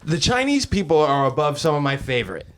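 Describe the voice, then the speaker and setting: A man's voice: a little high, sing-song, a little fast, a crowd in the background. A young man co-hosting a podcast, telling a long story in a rambling, casual way with lots of fillers and swearing. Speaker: podcast co-host. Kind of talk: casual chat.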